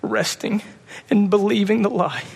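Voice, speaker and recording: Pastor, male, fairly high voice, sermon in a big echoing hall, urgent then hushed. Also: steady tone, a little slow, gravelly, breathy edge. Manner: passionate, swings from loud urgent pleading to soft hushed tones.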